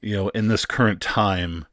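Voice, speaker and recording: A man with a low voice, chatting casually about a movie on a podcast. He stops and restarts a lot and laughs easily. The sound is dry and close. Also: steady tone, moderate pace, fairly bright tone, no room sound. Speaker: podcast co-host. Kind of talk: casual movie review chat.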